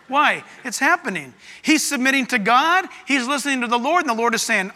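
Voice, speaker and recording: A man preaching a sermon as pastor, animated, swinging between soft, low asides and loud, emphatic passages. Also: a little fast, hardly any pauses, in a large hall.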